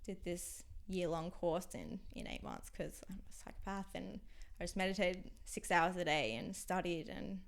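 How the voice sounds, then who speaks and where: A young Australian woman with a lowish voice, speaking as an interview guest. Her talk has a gravelly fry to it and comes in halting, candid phrases. She often trails off into a near whisper. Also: steady tone. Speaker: podcast guest.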